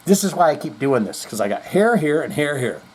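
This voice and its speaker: A man's voice: on the high side, very animated, fairly quick. A middle-aged man hosting a podcast, rambling in casual chat with self-deprecating jokes. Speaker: podcast host.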